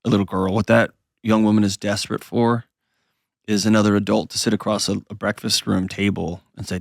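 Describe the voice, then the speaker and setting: A middle-aged man hosting an advice call-in show, talking calmly and earnestly. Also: fairly low pitch, a little fast, creaky, no room sound, studio quality. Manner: calm, earnest counseling. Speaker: host.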